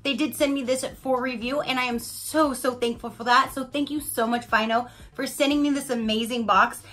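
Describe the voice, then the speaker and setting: High-voiced and fairly bright, this woman keeps a steady tone at normal speed, with faint music in the background. She's an unboxing vlogger giving a gushing, chatty, casual review to her viewers, saying "like" and "you guys" often.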